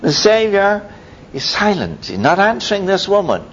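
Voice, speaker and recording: A man preaching a sermon, telling stories in a lively way with sudden high exclamations. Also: a little fast. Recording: dull lo-fi recording with faint rumble.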